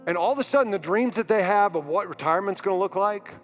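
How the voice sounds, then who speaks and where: A man's voice: sits high, fast talker. A man in his forties preaching a sermon as a pastor, earnest and building to emphatic repetition. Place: large church auditorium. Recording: music bed in a long-reverb hall.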